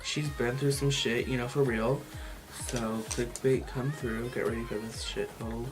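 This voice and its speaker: A man's voice: medium pitch, fairly even intonation, normal speed. Male makeup vlogger, mid-range voice, chatty and profane, faint music bed. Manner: chatty, swears freely, lots of "like" fillers. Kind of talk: casual makeup tutorial chat.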